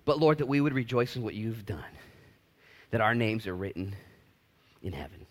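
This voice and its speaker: A male pastor giving a casual, animated sermon with prayer, swinging between loud excitement and hushed emphasis and using laid-back slang. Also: fairly low pitch, moderate pace.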